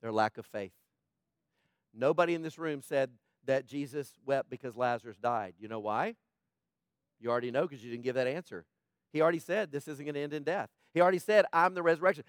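A man preaching a sermon to a congregation, asking rhetorical questions and moving between hushed, quiet passages and loud, fervent ones. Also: medium pitch, fairly quick, no room sound, studio quality. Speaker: pastor.

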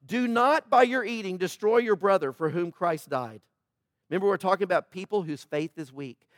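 Man, pastor, sermon, high voice, dry close sound, conversational preaching, loud pleas and quiet stresses. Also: normal speed, no room sound. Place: church.

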